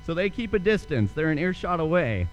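A man's voice: on the high side, sing-song, a little fast, slight background noise, rough recording. A young man preaching a sermon, telling a story and then asking earnest rhetorical questions. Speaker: pastor.

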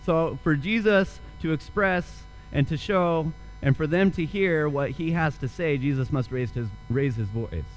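A man's voice: on the high side, unhurried, hardly any pauses, faint music behind, rough recording. A young man preaching a sermon, telling a story and then asking earnest rhetorical questions. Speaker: pastor.

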